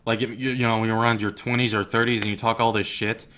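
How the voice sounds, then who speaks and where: A man's voice: on the low side, level tone, quick pace, a bit bright, a little hiss or hum. A young man ranting to his viewers in a blunt, heated, profane way. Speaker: YouTuber. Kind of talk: angry rant to camera.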